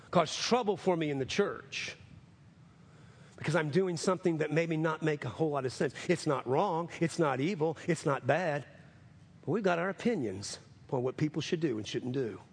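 A man's voice: fairly high pitch, slight background noise. Preaching man, fervent and repetitive. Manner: rises to impassioned shouting in places, repeats phrases for emphasis. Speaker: pastor. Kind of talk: sermon.

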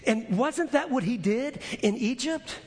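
A man preaching a sermon as pastor, emphatic and swinging from quiet to loud, often repeating words as he goes. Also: extremely high pitch, animated, measured pace. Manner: repeats words and restarts phrases. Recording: long hall reverb.

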